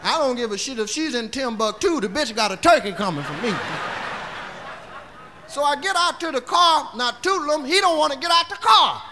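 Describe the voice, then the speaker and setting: Man, rowdy profane comic storyteller, very high voice, laughs through his lines. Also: animated, normal speed, sharp tone, slight background noise. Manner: rowdy, laughing as he talks, acting out the scene. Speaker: comedian.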